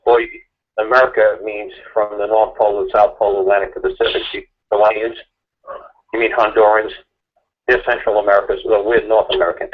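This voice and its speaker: A man's voice: lowish voice, flat delivery. A man ranting and arguing in a repetitive, mocking way as a guest on a call-in talk show. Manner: rapid, repetitive, mocking, argumentative. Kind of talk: impassioned ranting chat. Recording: tinny phone line.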